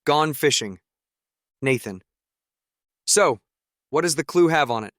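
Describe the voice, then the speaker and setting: A man reading a teen spy thriller as first-person audiobook narration in a low, measured way. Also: animated, fairly bright tone, no echo, studio quality.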